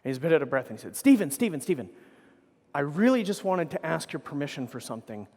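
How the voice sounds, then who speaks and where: A man's voice: a little high, lively intonation, rapid-fire, in a large hall. A man giving a conference keynote, telling rambling anecdotes full of swearing and self-corrections into a stage microphone. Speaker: keynote speaker.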